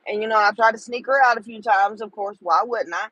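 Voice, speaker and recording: A woman's voice: mid-range voice, brisk, fairly bright tone, breathy edge, muffled recording. A middle-aged woman, talking to viewers in a casual livestream chat, tender and emotional. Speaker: livestream host.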